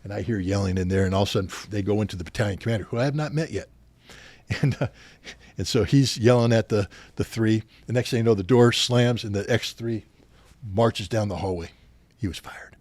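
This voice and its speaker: A middle-aged man, a podcast guest, telling anecdotes in an interview, getting louder as he retells confrontations. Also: on the low side, steady tone, a little fast, dry recording. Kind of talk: storytelling interview.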